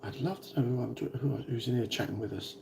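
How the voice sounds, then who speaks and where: British man in his forties, gravelly voice, rambling livestream chat, hesitant with lots of ums. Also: medium pitch, quick pace, background noise. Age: 40s. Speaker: vlogger. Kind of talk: casual livestream chat with viewers.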